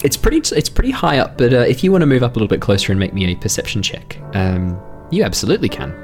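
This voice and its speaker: A man's voice: mid-range voice, very animated, fast, soft background music. A man running a tabletop game as dungeon master, describing scenes and teasing his players with frequent laughs. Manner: laughs often, playful teasing.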